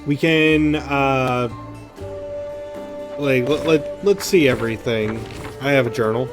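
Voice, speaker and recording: A man casually commenting on his gameplay as a let's play host, halting and rambling as he thinks aloud. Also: mid-range voice, music in the background. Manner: rambling, halting, with fillers and restarts.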